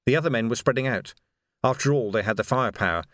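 Measured male audiobook narrator, dry sound. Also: mid-range voice, dry recording. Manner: steady, measured storytelling.

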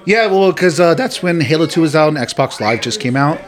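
A man in a casual chat, telling a story in a relaxed, offhand way and swearing freely. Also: a little high, a little fast, a crowd in the background.

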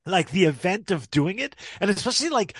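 A man's voice: sits high, big pitch swings, fairly quick, breathy edge, no echo, studio quality. A man co-hosting a podcast in casual, easygoing chat with many fillers. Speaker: podcast co-host.

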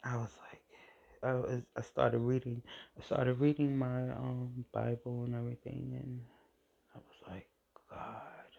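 A woman hosting a podcast, telling a personal faith testimony in an emotional, halting way and often repeating her phrases. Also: very deep voice, little pitch movement, creaky, dark tone. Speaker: podcast host. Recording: dull lo-fi recording.

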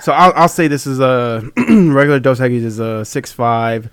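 A young man co-hosting a casual beer-tasting chat, crude and quick to laugh, full of bro slang. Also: medium pitch, a bit bright, smooth, no echo. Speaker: podcast co-host.

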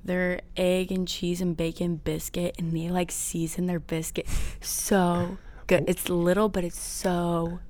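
Chatty teenage girl, lowish voice. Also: flat delivery, a little slow, darkish tone. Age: teens. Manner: chatty, explains with lots of "like". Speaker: student podcast guest. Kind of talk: casual chat. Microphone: podcast microphone.

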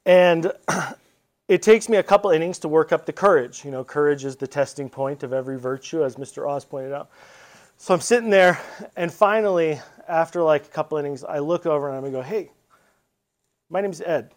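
A man in his thirties from Colorado, giving a casual, animated storytelling talk as convocation speaker. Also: fairly high pitch, fairly quick. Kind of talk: storytelling speech.

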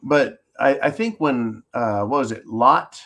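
A man's voice: mid-range voice, measured pace, fairly bright tone. A man from California hosting a political show, ranting bluntly and sarcastically as he reads out viewer questions. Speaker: host of a political call-in show.

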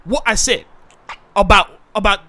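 A high-pitched, bright voice of a blustering young actor, put on by a man on a comedy podcast. He keeps repeating himself and cuts in on everyone. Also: a little slow. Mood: defensive. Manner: blustering, repeats himself, talks over others. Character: defensive young male actor, blustering, self-pitying. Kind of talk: comedy podcast role-play.

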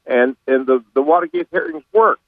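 An older man speaks at a middling pitch through a thin, phone-like line with a dry sound. He rambles, often stumbling on repeated words as he tells his story. He comes across as a guest on a radio show. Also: expressive, normal speed, vocal fry, no echo.

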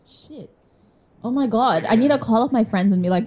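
A woman's voice: fairly high pitch, normal speed, a little mellow. A young woman co-hosting a podcast in casual chat, candid and full of fillers. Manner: chatty, filler-heavy, candid and laughing. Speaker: podcast co-host. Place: room with a glass wall.

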